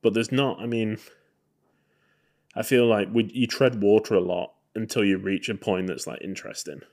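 A man's voice: fairly low pitch, normal speed, darkish tone. A man co-hosting a podcast, talking in a chatty, rambling way with many ums. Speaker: podcast co-host. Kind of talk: casual podcast chat.

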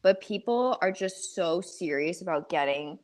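A woman guest on a podcast in casual chat, animated and laughing as she talks. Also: on the low side, a little slow. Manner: animated, laughs while talking.

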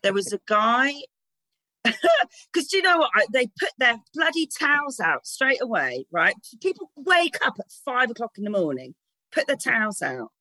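A woman's voice: on the high side, big pitch swings, normal speed, sharp tone, no echo, rough recording. A woman, a guest telling candid, sweary stories in casual chat and laughing often.

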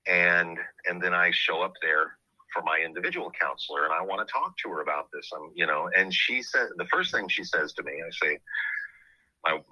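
Man, low voice, very bright tone, podcast host, earnest, reflective storytelling. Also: moderate pace, no echo, rough recording. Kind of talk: personal storytelling.

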